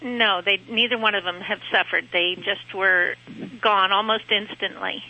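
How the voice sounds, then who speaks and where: A woman gives a calm reading as an animal communicator, reassuring the caller in gentle tones. Her voice is bright and forceful. It comes through a dull lo-fi radio line. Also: medium pitch, moderate pace. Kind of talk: calm consoling phone reading.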